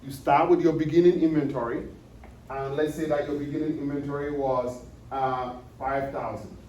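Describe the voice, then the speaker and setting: A man's voice: mid-range voice, flat delivery, moderate pace, darkish tone, muffled recording. Lecturing man in an echoey room. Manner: repetitive, checks understanding with questions. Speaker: accounting lecturer. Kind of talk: classroom lecture. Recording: echoey room, distant mic, faint noise.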